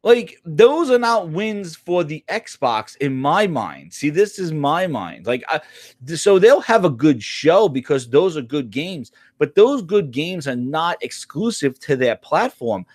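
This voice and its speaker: Animated man ranting about games. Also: on the high side, unhurried, no echo. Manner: animated, swearing, rambling with restarts. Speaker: gaming channel host. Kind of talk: casual opinion rant.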